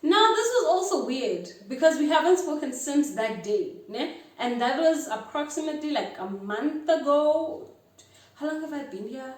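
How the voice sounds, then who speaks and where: A woman's voice: high voice, normal speed. Chatty South African woman in her twenties. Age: 20s. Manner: animated, mixes isiXhosa phrases into English, acts out both sides of a chat. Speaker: vlogger. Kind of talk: casual storytime. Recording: echoey room, mic a bit far.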